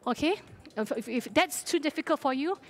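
A woman's voice: high-pitched, lively intonation, a little fast, a little hiss or hum. A woman fitness instructor coaching a live workout, encouraging and cheering her class on while out of breath. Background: faint music.

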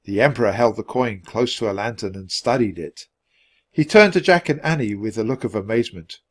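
A man narrating a children's book aloud with clear, steady narration for learners. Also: fairly low pitch, fairly quick. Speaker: storybook reader.

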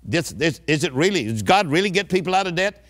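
A man's voice: a little high, big pitch swings, brisk, fairly bright tone. An older man preaching a sermon, emphatic and rousing, calling on the audience to answer back. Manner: emphatic call-and-response preaching.

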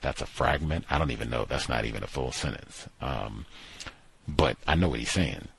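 Very deep, gravelly, husky-voiced man. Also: fairly bright tone. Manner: thinking aloud, pausing with "uh, let's see". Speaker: book commentator. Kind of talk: casual book discussion with read-aloud passages.

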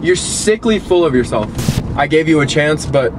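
A young man in a car giving his dog a deadpan, mock-betrayed scolding, as if she were a person. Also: a little high, moderate pace. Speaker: dog owner. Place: inside a parked car. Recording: noisy car interior.

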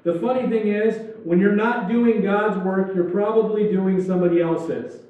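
A man delivers a sermon as pastor in a church sanctuary, his high-pitched voice fairly even in intonation and at normal speed. His manner is loose and joking, with acted-out asides. An echoey hall and a distant, dull mic shape the sound.

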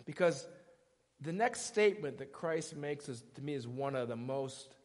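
A man's voice: medium pitch, lively intonation, moderate pace. A male pastor preaching a sermon in a conversational, emphatic way, often stopping to ask questions. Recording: echoey church hall.

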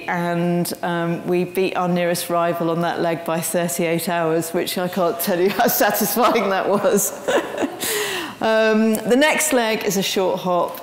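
A woman speaks as a guest lecturer and tells her story with lively energy and many ums. Her voice carries through a large room with a long, ringing echo. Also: on the low side. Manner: animated storytelling with frequent ums. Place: lecture hall. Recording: roomy hall with long reverb.

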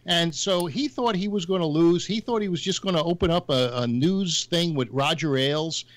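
A man's voice: a little high, normal speed, no echo. A man on a talk show panel, arguing politics in a rambling, joking way full of fillers. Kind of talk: heated political argument.

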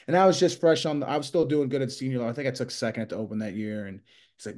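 A man's voice: mid-range voice, fast. Thirties guy, wrestler and coach, rambling stories in an interview, acts out what people said. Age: 30s. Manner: rambling, animated anecdotes with quoted dialogue. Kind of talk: casual storytelling interview.

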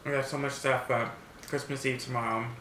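A man vlogging a mukbang story time, talking while he eats in an animated, blunt, profane way. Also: mid-range voice, a little fast. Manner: animated, talks while eating. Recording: echoey room, faint background hiss.

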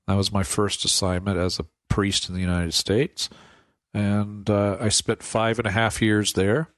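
A man, a priest, telling stories from his life in a relaxed radio interview, laughing often and acting out the voices of people he quotes. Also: on the low side, unhurried, dry recording, studio quality. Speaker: priest guest. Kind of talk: casual storytelling interview.

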